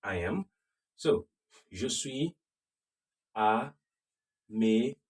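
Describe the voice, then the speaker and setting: A man with a Nigerian accent teaching French, slowly repeating phrases and checking that the class follows. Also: lowish voice, lively intonation, darkish tone, husky. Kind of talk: slow classroom lesson. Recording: voice from a distance off the mic.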